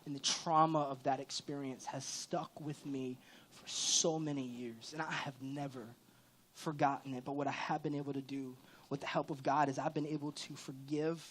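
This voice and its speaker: Candid, fairly high-voiced male preacher. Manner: conversational and candid, with sudden emphatic rises. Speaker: pastor. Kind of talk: church sermon.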